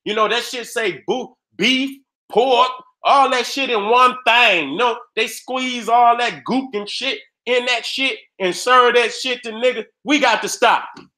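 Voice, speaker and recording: A man with a very high, sharp, bright voice rants through a casual commentary. He is profane and emphatic and repeats his points as he reacts to pictures on a screen. He talks straight to his viewers. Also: measured pace. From Detroit area. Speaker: online commentator.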